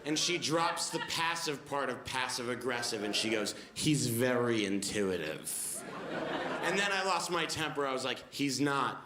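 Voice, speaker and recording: A man in his late twenties telling a stand-up set, animated storytelling with mumbled asides. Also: medium pitch, fairly quick, few pauses, echoey room, heavy background noise. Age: late 20s. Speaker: stand-up comedian. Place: comedy club stage before a laughing audience.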